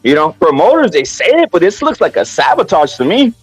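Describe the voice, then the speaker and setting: Profane, high-pitched man ranting. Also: very animated, a little fast, husky, no room sound, soft background music. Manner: profane, repetitive, heated. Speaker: boxing commentary channel host. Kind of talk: casual opinion rant.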